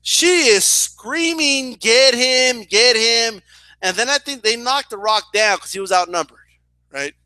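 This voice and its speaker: A young man telling a story in a casual, animated way, swearing and often asking "right?". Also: sits high, moderate pace, no echo. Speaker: boxing and wrestling commentator.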